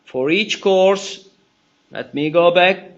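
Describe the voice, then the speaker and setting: A man's voice: high-pitched, slow, echoey room. Italian guy teaching a class, keeps saying right?, muffled and far away. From Italy. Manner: chatty, repeats key words, checks in with "right?". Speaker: university instructor. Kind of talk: lecture to a class. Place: lecture hall.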